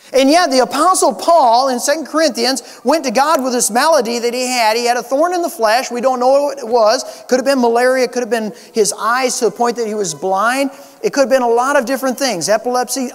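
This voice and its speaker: A man preaching a sermon as pastor, earnest, swinging between raised emphasis and soft, quiet points. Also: very high-pitched, brisk. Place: church sanctuary. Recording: long church hall reverb.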